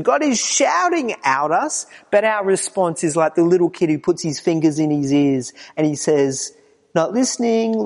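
A man preaching a morning sermon, moving between quiet low passages and raised, emphatic lines. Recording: long reverb of a hall.

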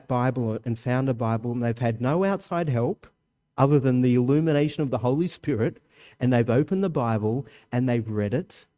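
Preaching a sermon, this father of a young child leans on big swings in pitch and volume to drive his points home, and his voice is mellow.

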